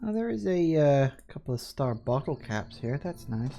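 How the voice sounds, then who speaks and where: A man's voice: mid-range voice, very animated, normal speed, vocal fry, dark tone, a little hiss or hum. Tired man rambling over a game. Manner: rambling, muttering to himself. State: tired, yawning. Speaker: gaming video creator. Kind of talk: let's play commentary.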